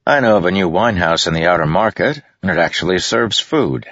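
An exasperated young prince, as a narrator voices him, blunt and proud. The voice is husky and gravelly, a little raised from the narration. The lo-fi recording sounds dull. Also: male voice, low voice, expressive, a little fast, a bit bright, no room sound, voice pushed up, heavily acted.

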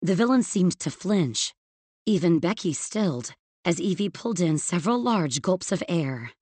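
A woman narrating a novel in a measured, expressive storytelling manner. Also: fairly low pitch, no echo. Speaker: audiobook narrator. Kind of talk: scripted narration.

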